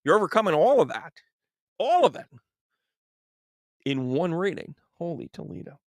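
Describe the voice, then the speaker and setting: Gravelly, chummy male psychic medium. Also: on the high side, moderate pace, dry recording. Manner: animated and chummy, laughing often, addressing viewers by name. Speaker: psychic medium reading tarot. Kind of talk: live-stream tarot reading, chatting with viewers.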